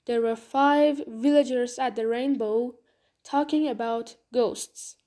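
Slow, high-voiced woman narrator. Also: fairly even intonation, dark tone. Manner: slow, clear reading. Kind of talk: storybook narration.

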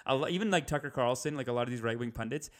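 A young man riffing in a comedic rant, animated, slipping into higher mocking impressions. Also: rapid-fire.

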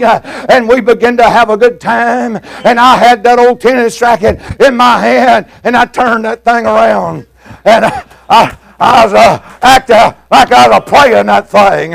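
An older man preaching a fiery sermon, folksy and plain-spoken, shouting in a preaching cadence with frequent "uh" fillers. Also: very high-pitched, gravelly.

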